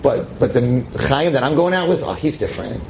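A man teaching a lively class to a seated audience as a rabbi, emphatic and exclamatory. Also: a little fast, a little hiss or hum, poor audio. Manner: emphatic, exclamatory, with sudden swings in pitch.

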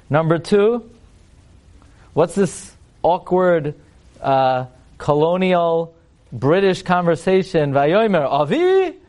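A man's voice: on the high side, darkish tone. Wry man teaching a Torah class. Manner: rhetorical questions, wry humorous asides; chants Hebrew verses, then translates. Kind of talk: lecture to a live audience.

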